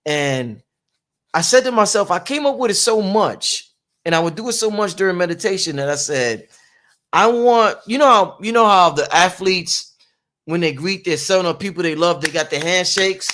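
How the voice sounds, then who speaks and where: A man with a notably high speaking voice tells a story as the host of a casual discussion. He is excitable and profane, and keeps stacking up "I said" and "I'm like" as he goes. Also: normal speed. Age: adult father. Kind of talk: animated storytelling in casual talk.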